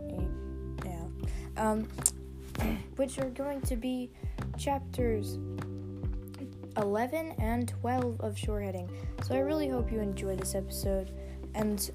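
A woman hosting a podcast, reading her own story aloud casually, stumbling and correcting herself, clearing her throat often. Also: medium pitch, slow pace, long pauses, music in the background. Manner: stumbling, restarts and self-corrections.

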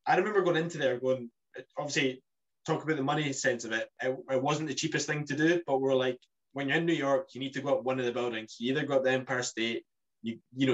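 A man's voice: mid-range voice, muffled recording. Guy chatting about travels, loose and rambly, mid voice. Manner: rambling, many restarts and fillers. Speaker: podcast co-host. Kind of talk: casual travel chat.

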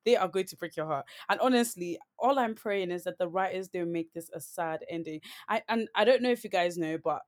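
A woman's voice: lowish voice, fairly quick, few pauses. Chatty woman, rambling podcast talk. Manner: chatty and rambling, many "like"s and restarts. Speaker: podcast co-host. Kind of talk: casual chat.

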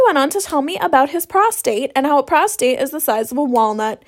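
A woman's voice: high-pitched, animated, fairly quick, hardly any pauses. A young woman telling stories in a casual monologue, swearing freely and sarcastic in a ranting way. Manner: profane, sarcastic, rant-like.

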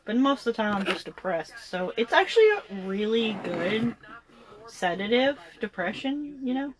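A woman's voice: fairly high pitch, sing-song, moderate pace, a crowd in the background, rough recording. A young woman in her twenties in casual chat, blunt, sarcastic and profane.

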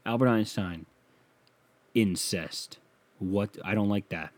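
A man's voice: lowish voice, takes it slowly, pauses often, dry recording. A man hosting a casual solo podcast from a small home studio, talking crude and rambling and mocking himself, close on a sensitive mic. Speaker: podcast host.

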